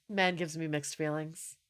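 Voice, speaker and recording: A young woman streaming and chatting casually with her viewers, animated and swearing often, with frequent laughter. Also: low-pitched, slow pace. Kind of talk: casual live-stream chat.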